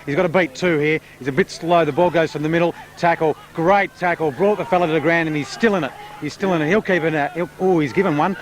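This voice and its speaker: A man's voice: fairly high pitch, fast talker, few pauses. A man giving chatty colour and play-by-play commentary at an amateur football match. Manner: chatty, builds excitement calling play.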